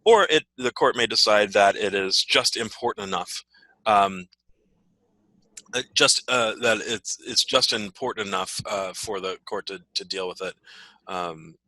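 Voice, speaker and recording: A man's voice: fairly low pitch, a little slow, bright, forceful tone, no echo, low-quality recording. A man teaching a law class, explaining procedure with frequent "right?" checks and fillers. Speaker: law professor.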